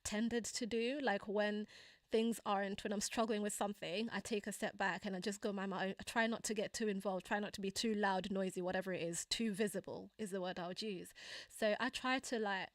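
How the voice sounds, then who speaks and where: A young woman telling a personal story on a casual livestream, with plenty of fillers and asides. She slips into a higher voice to act out quoted lines and laughs often. Her voice sits in an ordinary middle pitch, recorded close and dry. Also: fairly even intonation, a little fast, dry recording. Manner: acts out quoted dialogue in a higher voice. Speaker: channel host.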